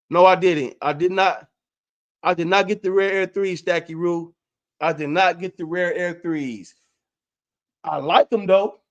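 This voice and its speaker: A man hosting his own livestream, talking casually and rambling about sneakers and street culture, full of "man" and "y'all". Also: sits high. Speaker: livestream host.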